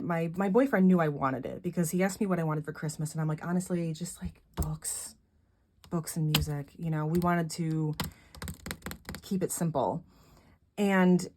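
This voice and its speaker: Slow soft-spoken woman vlogger. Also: lowish voice, a little hiss or hum. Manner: soft-spoken and gushing, with frequent laughs. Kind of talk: casual chat showing gifts.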